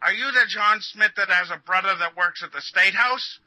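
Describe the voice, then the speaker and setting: A man voicing a sharp-tongued old Irish woman, brisk and suspicious at her front door. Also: sits high, no echo, rough recording.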